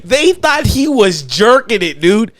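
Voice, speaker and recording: A man's voice: high voice, a little slow. A man hosting a podcast, telling a raunchy story in casual chat, laughing and swearing as he goes. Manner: laughs through his own story, profane, animated. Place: podcast studio.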